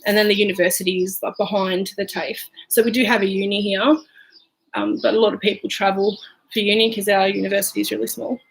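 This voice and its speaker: A woman's voice: mid-range voice, little pitch movement, fast, creaky, slight background noise, poor audio. A woman with an Australian accent, chatting casually and rambling through her makeup routine at home, with plenty of "um" and "like". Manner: chatty and rambling, lots of fillers. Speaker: beauty vlogger.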